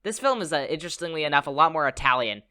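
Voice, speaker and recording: A man's voice: fairly high pitch, lively intonation, racing, sharp tone, smooth. A man co-hosting a podcast, talking about a film with enthusiasm and playful, rambling asides. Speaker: podcast co-host. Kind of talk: casual film discussion.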